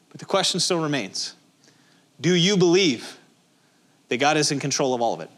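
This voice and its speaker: A man's voice: fairly high pitch, very animated, moderate pace, pauses often, a bit bright. A male pastor preaching a sermon in a conversational, emphatic way, with many rhetorical questions.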